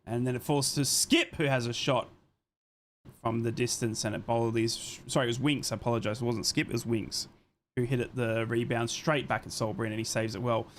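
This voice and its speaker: A young streamer hosts a live football watchalong, narrating each play and reading chat messages out loud. His medium-pitched voice runs a little fast, he's excitable and swears liberally, and a faint hiss or hum can be heard.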